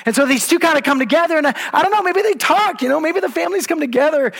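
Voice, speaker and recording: A man preaching a sermon, telling the story in a casual, conversational way with lively asides. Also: very high voice, rapid-fire, creaky. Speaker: pastor. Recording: long hall reverb.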